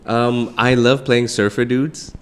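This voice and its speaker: A man's voice: medium pitch, little pitch movement, slow pace, smooth. A man co-hosting a podcast, chatting casually in a playful, teasing way. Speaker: podcast co-host. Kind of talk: casual chat.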